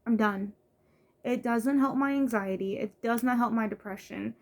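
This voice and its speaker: Frustrated and talking straight to the camera, a young vlogger from the United States vents in a casual video, stumbling through fillers and false starts. She speaks at an ordinary speed in a somewhat high, gently mellow voice.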